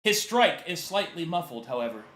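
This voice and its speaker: A game master narrating a tabletop role-play session on a voice call, animated and playful, swearing casually. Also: medium pitch, normal speed, echoey room.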